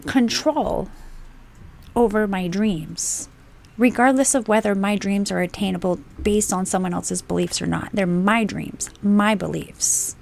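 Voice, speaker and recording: A woman giving an emphatic, unscripted spiritual monologue, stressing points with swearing and slow, deliberate phrasing. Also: mid-range voice, gravelly, darkish tone. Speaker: spiritual channel host.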